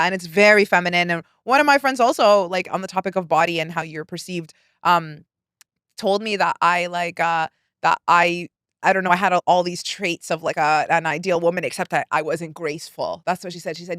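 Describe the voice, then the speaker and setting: A woman in her thirties, telling personal stories in a candid podcast chat, animated and swearing, acting out relatives' lines. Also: fairly low pitch, a little fast, no echo, clean studio sound. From Pakistani-American. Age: 30s. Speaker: guest.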